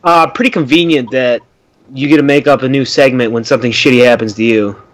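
A man's voice: medium pitch, a little fast, low-quality recording. A young man co-hosting a casual sports podcast, making dry, sarcastic comments. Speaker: podcast co-host.

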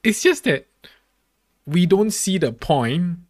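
A man's voice: slow pace, dry recording, studio quality. A man co-hosting a casual comedy podcast who tells stories with a lot of energy, laughs often, and acts out his own angry outbursts. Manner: animated storytelling, acts out his own outbursts with loud jumps in pitch; laughs often while talking.

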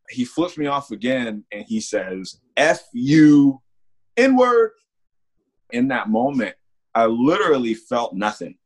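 Laid-back low-voiced young man. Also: breathy edge. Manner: relaxed, animated when quoting people. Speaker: security guard and author, interview guest. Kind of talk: casual storytelling.

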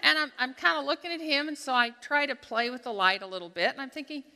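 A woman giving a devotional talk at a church gathering, telling a lively personal story and acting out her own thoughts as she goes. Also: high voice, fast. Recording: long hall reverb.

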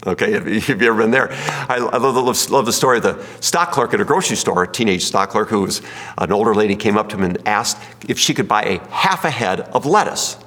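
A man's voice: lowish voice, expressive, brisk, fairly bright tone, slightly rough. A man preaching a sermon in a folksy, joking way, telling stories and asking his listeners questions. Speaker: pastor. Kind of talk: sermon with jokes and audience questions. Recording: long hall reverb.

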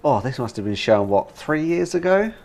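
A man with a British accent co-hosting a casual gaming podcast, animated and laughing often as he talks. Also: medium pitch, moderate pace, vocal fry. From Britain. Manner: animated, laughs while talking, many fillers. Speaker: podcast co-host.

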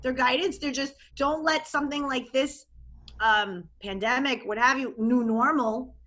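A woman life coach talking casually in an interview, animated and expressive, often acting out what she and others said. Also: high voice, measured pace. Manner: animated and expressive, acts out quoted voices.

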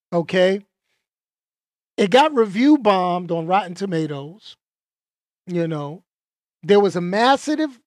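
A man hosting his own podcast, talking in a casual, animated rant full of slang and stammered restarts. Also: sits high, dry recording, clean studio sound. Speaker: podcast host.

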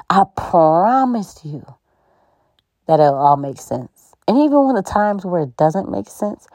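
A woman gives a faith-based pep talk to her podcast listeners. Her voice sits slightly low, and her delivery is conversational and preachy, with frequent laughter. The recording is close and dry. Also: a little mellow, no room sound. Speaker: podcast host.

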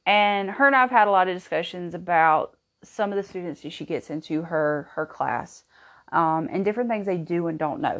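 A woman's voice: lowish voice, normal speed, a bit bright. A woman, hosting a podcast and telling a personal story in an earnest, chatty way. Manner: earnest, chatty, with frequent restarts and laughs. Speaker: podcast host, homeschooling mother. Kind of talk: casual personal storytelling monologue.

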